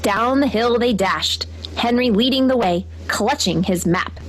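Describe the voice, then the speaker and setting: A woman reading a children's picture book aloud in an expressive, lively storytelling manner. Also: fairly high pitch, measured pace, a little hiss or hum, rough recording. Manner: expressive, lively read-aloud with character voices.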